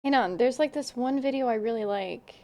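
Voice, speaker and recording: A woman's voice: a little high, brisk, darkish tone. A young woman streaming a game, chatting casually, swearing freely and laughing often. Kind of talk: casual livestream chat while gaming. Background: game music.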